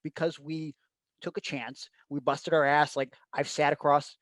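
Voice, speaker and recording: A slightly high-voiced man hosts a casual podcast with real enthusiasm, stumbling over the first words of his sentences. His voice is recorded dry and close, with no room sound. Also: flat delivery, a little slow, fairly bright tone, dry recording. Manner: enthusiastic, profane, repeats words when starting a sentence. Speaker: podcast host, wrestler.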